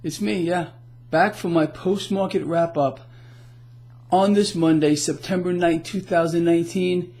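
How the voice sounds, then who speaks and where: A middle-aged man hosting a casual market commentary blog, animated and sarcastic, stumbling into restarts. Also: a little high, measured pace.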